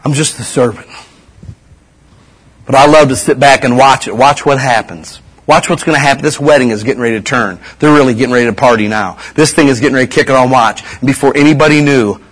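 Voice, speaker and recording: Folksy husky-voiced man preaching. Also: mid-range voice. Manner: folksy, slangy preaching with repeated "you know" and "man". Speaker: pastor. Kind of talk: casual sermon.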